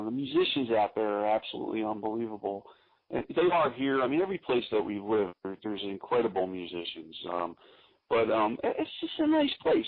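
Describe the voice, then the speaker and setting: A man from Philadelphia, a guest musician telling stories in a casual, animated way with frequent laughs, over a tinny phone-line radio call. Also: medium pitch. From Philadelphia, USA. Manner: chatty, animated, laughs often. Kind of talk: casual interview storytelling.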